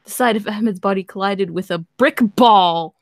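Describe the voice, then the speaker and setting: A woman's voice: mid-range voice, moderate pace, no echo, studio quality. A woman host reading a story aloud in casual chat, breaking off into sarcastic, laughing commentary.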